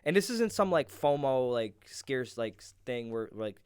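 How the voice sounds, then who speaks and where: A man's voice: mid-range voice, very animated, unhurried, smooth, dry recording, clean studio sound. A man co-hosting a podcast, asking probing questions in casual chat. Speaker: podcast co-host.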